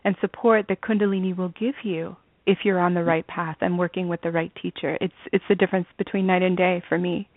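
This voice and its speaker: A woman's voice: lowish voice, fairly even intonation, brisk, hardly any pauses, dry recording. Earnest woman guest on a tinny line. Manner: earnest, with fillers like "you know". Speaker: interview guest, spiritual student. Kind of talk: conversational interview. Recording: dry, tinny phone-like line.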